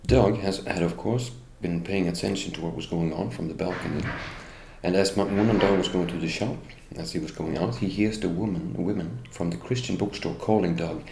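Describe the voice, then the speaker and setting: A middle-aged Norwegian man, a native Norwegian speaker, tells his story in English as an interviewee, his voice very low, gravelly and a little mellow, a bit fast. Bitter and indignant, he keeps turning to accuse those he blames, addressing the police directly. The recording is roomy and echoey, with faint ambience and a little hiss or hum.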